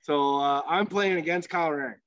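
A former hockey goalie appears as a podcast guest, speaking at a moderate pace in a slightly high, fairly bright voice. He tells a casual, rambling story full of fillers and free swearing, and the audio has no echo but sounds dull and lo-fi.

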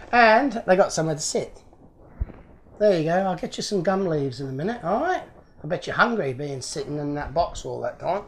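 He has a high-pitched, fairly bright voice. As host of his channel, this Australian model car restorer unboxes toy models in a relaxed, rambling chat full of self-mocking humor.

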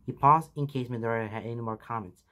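A man's voice: mid-range voice, fast, fairly bright tone. A man reading fan fiction aloud in a casual storytelling manner.

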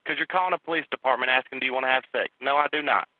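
A man's voice: mid-range voice, rapid-fire, over a noisy crowd. A man working as a police dispatcher, curt and exasperated with the caller. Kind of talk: phone call. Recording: tinny phone line.

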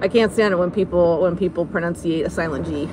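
An American woman hosting a casual live stream from inside a car, chatty and giggly and quick to poke fun at herself, talking into a phone held up. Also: on the low side. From United States. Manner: chatty, giggly, self-mocking. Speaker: livestream host. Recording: car road noise.

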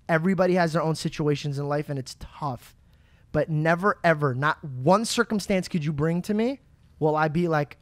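A passionate man co-hosting a podcast in casual chat, cursing freely and stumbling over his words when worked up. His voice sits a little high and the sound is dry and close. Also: normal speed, dry recording. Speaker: podcast co-host.

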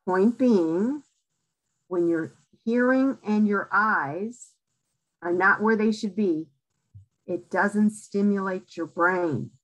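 A woman giving a library lecture at a slow, deliberate pace. She coaches in short, emphatic phrases and keeps checking in with her listeners. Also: mid-range voice, poor audio. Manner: direct, coaching, frequent "okay?" checks. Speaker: lecturer on aging in place. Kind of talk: public library talk.

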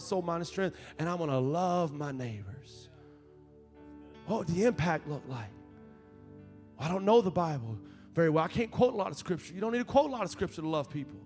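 Fervent young pastor preaching over music. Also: male voice, on the high side. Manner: conversational storytelling, rising to fervent appeals. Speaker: associate pastor. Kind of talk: sermon. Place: church sanctuary.

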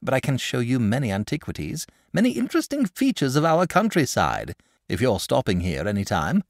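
A man voicing a gentle, nervous and fussy male dragon in a storybook reading, polite and anxious. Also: medium pitch, huge pitch swings, a little fast, vocal fry, dry recording, clean studio sound, pitched above the performer's own voice. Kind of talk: audiobook character voice.

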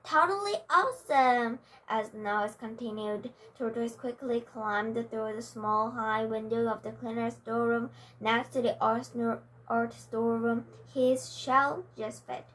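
Woman, storybook read-aloud, slow careful pace, fairly high voice, small slips. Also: flat delivery, a bit bright, rough recording. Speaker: reader.

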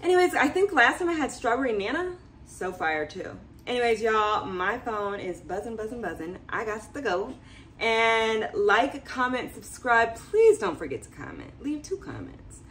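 A young woman talking casually to camera in her home as a vlogger, chatty and animated. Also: a little high, moderate pace, distant mic, a little hiss or hum. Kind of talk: casual vlog chat to camera.

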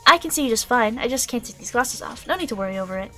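A woman voicing a gentle science teacher, higher voice. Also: animated, fast talker, soft background music. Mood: kindly.

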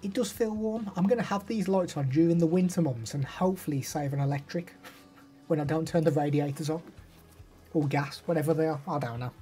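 A man's voice: fairly high pitch, brisk, mellow, soft background music. A young man chatting casually on a live stream, rambling and answering chat messages.

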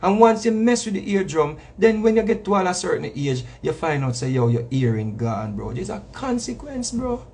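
A man's voice: high-pitched, expressive, moderate pace, few pauses, darkish tone, slight background noise. A man with a Jamaican accent, a reggae artist, talking in a casual monologue that repeats itself for emphasis. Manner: preachy, repetitive, emphatic with slang asides.

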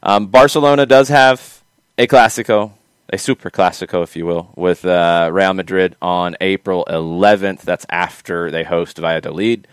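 A man's voice: low voice, steady tone, moderate pace, smooth, dry recording. A man hosting a casual soccer talk show, chatty and rambling, correcting himself as he goes. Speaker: podcast host.

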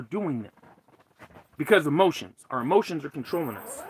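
A man's voice: fairly high pitch, sing-song, moderate pace, breathy edge. A man live-streaming an angry, profane rant from his tent as a cannabis vlogger. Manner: heated, profane, ranting. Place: tent under a carport.

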